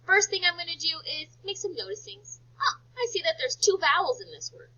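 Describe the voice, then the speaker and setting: Woman teacher, phonics lesson for little kids; lively, sing-song delivery, high pitch. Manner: slow, sing-song, exaggerated teacher talk. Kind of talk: phonics lesson for young children. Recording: dull lo-fi recording.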